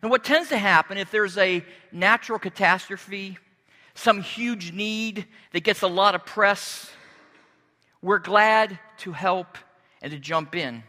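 A man preaching a sermon as pastor, earnest and deliberate, pausing and restarting as he speaks. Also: high voice, sharp tone, long reverb tail.

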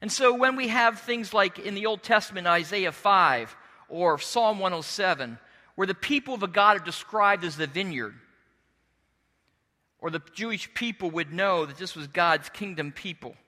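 A middle-aged male pastor preaching a sermon as an expressive storyteller who slips into character voices. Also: high voice, normal speed, long reverb tail.

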